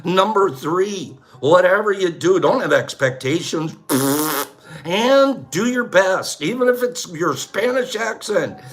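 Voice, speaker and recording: A man hosting a casual livestream, upbeat and playful, reeling off long lists of viewer shout-outs with sing-song swings on the names. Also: animated, takes it slowly. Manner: playful, varies pitch widely on names. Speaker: livestream host.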